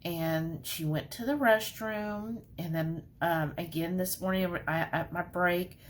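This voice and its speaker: A woman's voice: fairly low pitch, steady tone, measured pace, a little hiss or hum. A woman talking casually to her viewers in a vlog, full of fillers and y'alls. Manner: chatty, lots of fillers, says y'all. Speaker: vlogger.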